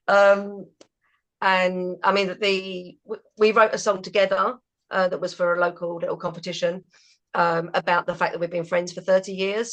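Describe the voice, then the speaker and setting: Woman, band singer, slightly low voice, chatty and easygoing. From England. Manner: chatty, laughs between thoughts, many fillers. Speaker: band member. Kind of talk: casual interview chat.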